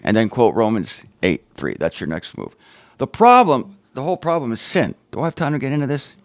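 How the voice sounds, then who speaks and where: A man's voice: medium pitch, wildly swooping pitch, fairly quick, no room sound. A man hosting his own show, teaching on the Bible in an informal, emphatic way with wry, sarcastic asides.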